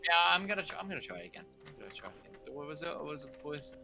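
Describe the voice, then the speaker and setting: A man's voice: on the high side, gravelly, music in the background. A man hosting a game stream, chatting playfully with his players over a voice call from home. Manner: lively, playful, quick to laugh. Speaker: stream host and game master. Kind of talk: casual chat.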